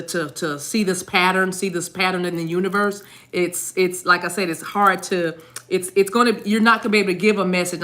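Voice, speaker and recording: A woman's voice: on the low side, sharp tone. A woman giving a casual, rambling tarot card reading, often repeating words and addressing viewers directly. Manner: chatty, rambling, repeats words, sings snatches of songs.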